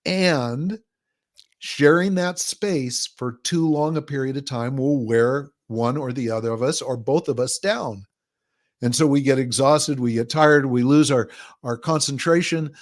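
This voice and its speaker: A man of ordinary pitch speaking as a guest on a talk show. He explains his ideas at length and livens up his voice to act out what other people say. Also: a little slow. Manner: explains at length, acts out quoted people in a livelier voice. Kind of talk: conversational podcast interview.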